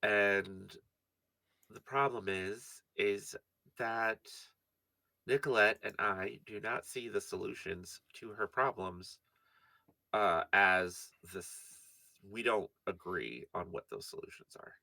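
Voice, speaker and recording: A man's voice: on the low side, slow, vocal fry, bright, forceful tone, no echo, heavily acted. Brief: man playing a heartfelt, defensive young hero, slightly slurred, close dry sound. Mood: earnest. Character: earnest young male adventurer, blunt, devoted to a friend. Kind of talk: tabletop role-play character voice.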